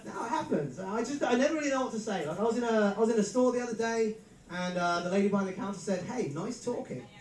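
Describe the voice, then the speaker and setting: A man's voice: high-pitched, lively intonation, fast. An English man in his thirties hosting a live stand-up comedy show, telling dry, self-mocking stories and laughing as he goes. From England. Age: 30s. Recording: roomy live venue mic from a distance. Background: audience crowd reactions.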